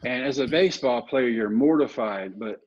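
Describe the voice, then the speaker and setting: A man in his fifties, a podcast guest and motivational speaker, telling lively, self-deprecating stories. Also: mid-range voice, moderate pace. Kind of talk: storytelling in a podcast interview. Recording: dull, muffled audio.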